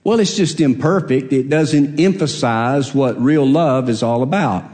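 A man's voice: mid-range voice, measured pace, darkish tone. A man preaching a sermon, emphatic, repeating his phrases and asking rhetorical questions.

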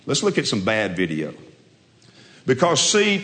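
A man's voice: medium pitch, wildly swooping pitch, unhurried, pauses often, fairly bright tone, big-room sound. A man who coaches football, preaching a sermon with folksy storytelling and emphatic repetition.

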